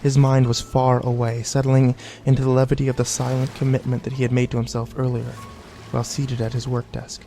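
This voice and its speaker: A man narrating an audiobook in a measured, even storytelling manner. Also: mid-range voice, gravelly, faint music behind.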